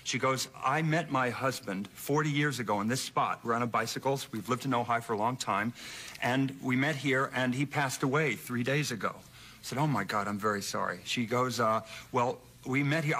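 A man appearing as a talk show guest, telling anecdotes in an animated, self-deprecating way. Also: mid-range voice, moderate pace. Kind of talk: anecdotal storytelling. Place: TV studio.

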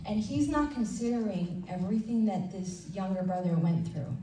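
A woman leading a women's ministry breakfast, preaching in a conversational, animated way and acting out little asides. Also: mid-range voice, moderate pace, soft background music. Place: church event room. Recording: roomy hall sound from a distant mic with faint noise.

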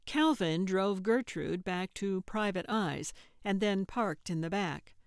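A woman narrating an audiobook in a measured, even voice on a close studio mic. Her delivery is slow and her voice low with a gravelly texture. The recording is dry with no room sound. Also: no echo. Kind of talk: scripted narration.

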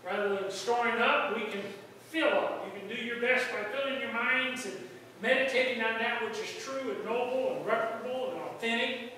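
A man preaching a sermon as pastor, in a folksy storytelling way that jumps into loud outbursts. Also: very high-pitched, normal speed, slight background noise. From United States. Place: church sanctuary. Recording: echoey hall from far off.

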